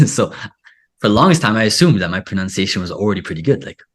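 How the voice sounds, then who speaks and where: A man's voice: lowish voice, expressive, quick pace, breathy edge. A man hosting a casual interview, talking in a rambling way full of filler "like". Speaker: podcast host and Spanish teacher.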